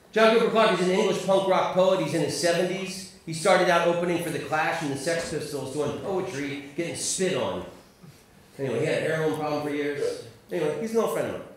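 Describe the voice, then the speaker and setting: A man's voice: high-pitched, fairly bright tone. A man doing a stand-up comedy set, chatting with and teasing the crowd, swearing freely. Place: live comedy venue. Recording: echoey room, far from mic, noisy.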